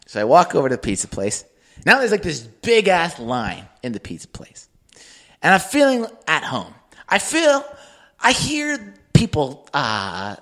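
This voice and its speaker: A man co-hosting a podcast, telling a story in an animated way and acting out the people in it. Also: on the high side. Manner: animated, acts out voices in his stories. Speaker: podcast co-host. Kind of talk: casual anecdotal storytelling.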